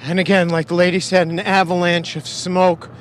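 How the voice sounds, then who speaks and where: A man's voice: high-pitched, flat delivery, moderate pace, slight background noise. A man giving an eyewitness account in a news interview, speaking in short, clipped sentences.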